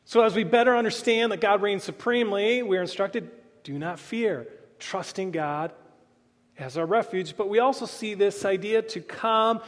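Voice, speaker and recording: A man preaching a sermon as pastor, earnest, rising loud then dropping to a quiet hush. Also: high-pitched, normal speed, big-room sound.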